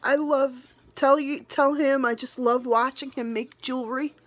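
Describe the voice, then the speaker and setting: A woman's voice: high-pitched, fairly even intonation, unhurried. Earnest, tearful woman vlogger. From New England. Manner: earnest, tearful, rambling with restarts. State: emotional, near tears. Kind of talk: emotional personal vlog.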